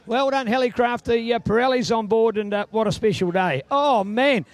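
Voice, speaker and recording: A man's voice: very high-pitched, moderate pace, hardly any pauses. A man interviewing riders at a motorbike race, effusive and chummy, calling everyone mate. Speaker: trackside interviewer. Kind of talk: post-race podium interviews. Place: outdoor motorsport circuit.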